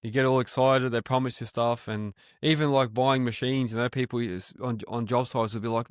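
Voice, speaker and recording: A man's voice: mid-range voice, steady tone, quick pace, few pauses, clean tone, dry recording, clean studio sound. A man hosting a trade podcast, chatting in an easygoing, agreeable way. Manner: easygoing, agreeable, softer and quieter. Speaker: podcast host. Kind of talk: casual interview chat.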